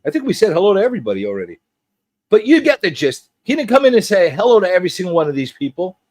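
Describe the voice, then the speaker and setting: Animated, teasing male livestream host. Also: very fast, dry recording. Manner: animated and teasing, jumps between high and low. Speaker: host of a pop culture livestream show. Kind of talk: casual livestream chat.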